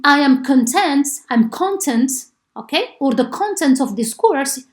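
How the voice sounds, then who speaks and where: Woman lecturing, fairly high voice. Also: expressive, a little slow. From Morocco. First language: Arabic. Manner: explanatory, frequent "uh" and "okay?" check-ins. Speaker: linguistics lecturer. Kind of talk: university lecture.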